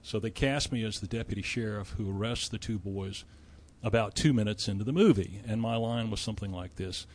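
A man's voice: fairly low pitch, a little fast, few pauses. Big-voiced man telling stories. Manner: animated storyteller who slips into impressions. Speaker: law firm partner and guest. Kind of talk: casual interview storytelling.

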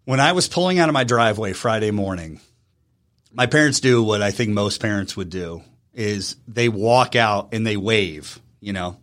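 A man in his thirties from Virginia, a guest telling an emotional personal story in an earnest, halting way with frequent restarts. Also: on the low side, a bit bright. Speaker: interview guest.

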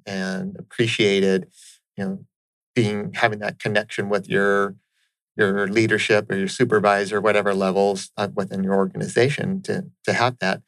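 A man's voice: lowish voice, a bit bright, no room sound, poor audio. A man hosting a conversational interview, earnest and affirming, often checking in with "right?". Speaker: interviewer host.

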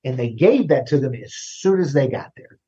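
A man working as a recruiting consultant, talking casually as an interview guest, often restarting words and tagging sentences with a quick question. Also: medium pitch, expressive, mellow, dull audio. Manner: conversational, repeats words, tags "right?".

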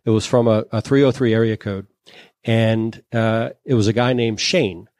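A man's voice: fairly low pitch, steady tone, moderate pace, darkish tone, no room sound. A man from Louisiana, a guest on an interview show, telling his business story in a chatty, anecdotal way with many "you know"s and "um"s. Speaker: guest, solar entrepreneur.

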